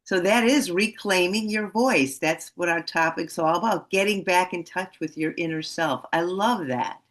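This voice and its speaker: A woman's voice: lowish voice, moderate pace. A woman hosting an interview, encouraging her guest with short affirmations. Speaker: host. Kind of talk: interview host.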